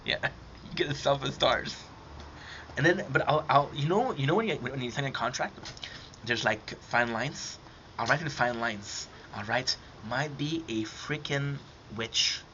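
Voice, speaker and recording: A man's voice: medium pitch, measured pace, bright, forceful tone. A man with a French accent chatting casually and teasing, swearing freely as he jokes. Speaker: live streamer. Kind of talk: casual chat with a stranger. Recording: dull lo-fi audio, faint background noise.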